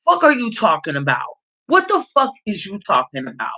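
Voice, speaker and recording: A woman's voice: medium pitch, wildly swooping pitch, normal speed, pushed and bright, highs cut off. A woman from California giving a blunt, heavily profane commentary rant and repeating her points for emphasis. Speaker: vlogger.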